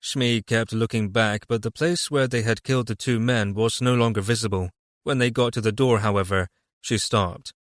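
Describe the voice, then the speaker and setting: A man narrating a fantasy audiobook in a steady, even reading voice. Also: lowish voice, moderate pace, dry recording, studio quality. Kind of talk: scripted narration.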